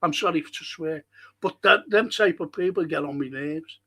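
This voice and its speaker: A man's voice: fairly high pitch, normal speed, bright, forceful tone, breathy edge. A man hosting a live-streamed local history show, chatting casually with viewers, rambling and swearing freely.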